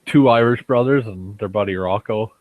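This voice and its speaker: A man's voice: fairly low pitch, moderate pace, narrow, tinny audio. A young man from Minnesota joking around casually in a voice chat, cursing now and then.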